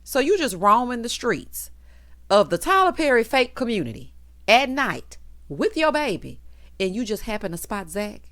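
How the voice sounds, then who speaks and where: Sassy woman with a lively, swooping pitch. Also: normal speed. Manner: sassy, teasing, calls listeners honey and child. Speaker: TV episode recap reviewer. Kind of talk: comedic recap chat.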